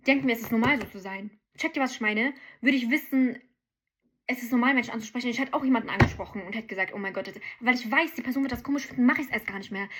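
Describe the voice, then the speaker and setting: A woman chats to camera at a quick clip, her voice slightly husky and pitched a bit high. She keeps checking in with her listeners as she tells her story. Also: fairly bright tone. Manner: chatty, asks viewers if they get it. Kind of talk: casual chat to camera.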